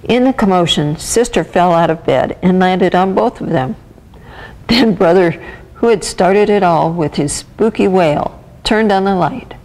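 A woman volunteer reading a children's picture book aloud with gentle, expressive storytelling. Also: fairly low pitch, a little slow, poor audio. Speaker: volunteer reader.

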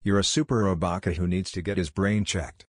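A man reading the lines of a cocky teenage boy ninja who mocks and yells. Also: deep voice, fairly even intonation, brisk, no room sound, studio quality. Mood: mocking. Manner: yelling, mocking.

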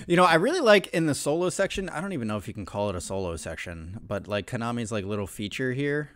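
Excitable, expressive man reacting to music. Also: medium pitch, fast, hardly any pauses, a little hiss or hum. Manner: excitable, swears freely, bursts into shouts. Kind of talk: casual reaction commentary.

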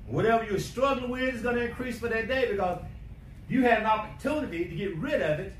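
A man preaching a sermon, emphatic, swinging between quiet asides and shouting. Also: high voice, fast. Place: church sanctuary. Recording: echoey church from a distance, faint hiss.

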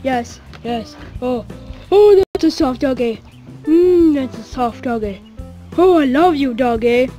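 A woman voicing a childish, grumpy male pig king in a fan cartoon, shouting and repeating himself with whiny sighs. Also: sits high, animated, slow, soft background music. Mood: coaxing.

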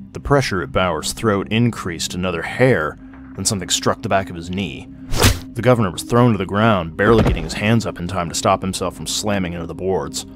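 A man reading a short story aloud at a measured, steady pace. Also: sits low, music in the background. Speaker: narrator.

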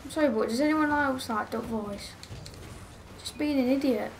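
A woman's voice: high voice, moderate pace, slight background noise. A woman streaming a game live, chatting with teammates and getting exasperated with one player. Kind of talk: live gameplay commentary.

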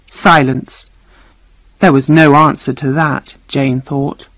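Woman narrator, low voice, very slow, clear reading, dry close sound. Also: fairly even intonation, dry recording, low-quality recording. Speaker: storyteller. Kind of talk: scripted narration of a graded reader.

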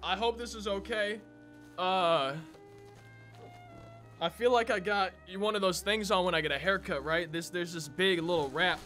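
Talking to "y'all" in a chatty way, a young male gaming YouTuber unboxes a console, a little breathless as he goes. He sounds high-pitched, with a sharp tone.

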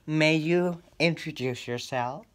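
A man doing a slow, drawn-out schoolteacher. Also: a little high, fairly bright tone. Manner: slow, drawn-out teacher talk. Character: flustered American schoolteacher, man, bossy.

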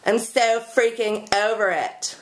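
A woman poet vents in a video blog, her tone sarcastic and exasperated. Her voice sits fairly high, and she takes her time with each complaint. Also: steady tone, takes it slowly. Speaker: poet and performer. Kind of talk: casual ranting video blog.

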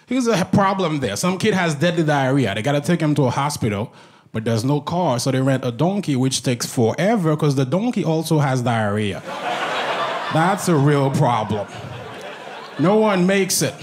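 A man's voice: on the high side, expressive, normal speed. A man from Haiti with a Haitian accent, doing a stand-up comedy routine in a conversational, exasperated style on a live stage.

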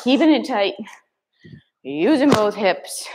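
A woman's voice: a little high, sing-song, noisy background. Woman calling kettlebell cues. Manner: brisk counted exercise cues. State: out of breath at times. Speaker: kettlebell fitness instructor. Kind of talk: live workout class cueing.

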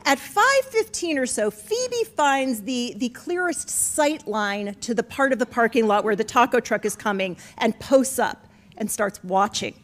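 A middle-aged woman telling a comic personal story to an audience, profane and animated, rising to near-shouts at the punchlines. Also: on the high side, a little slow. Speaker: author telling a story at a live event.

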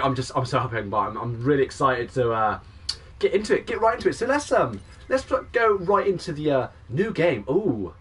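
Excitable young man streaming a game. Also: mid-range voice, breathy edge, far from the mic. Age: 20s. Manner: excitable, chatty, greets chat by name. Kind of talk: live gaming stream commentary.

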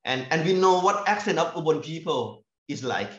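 A Thai-accented man lecturing on his fieldwork, halting and often repeating words as he looks for the right phrase. The recording is echoey and somewhat dull, as if captured in a lecture room. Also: a little high, expressive. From northeastern Thailand. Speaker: university lecturer. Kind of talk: academic talk sharing fieldwork stories.

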